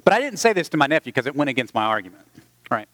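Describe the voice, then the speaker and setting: A man preaching a sermon as pastor, reading the gospel and then telling stories in a relaxed, chatty way with fillers. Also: mid-range voice, rapid-fire, dry recording. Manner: storytelling, conversational with fillers.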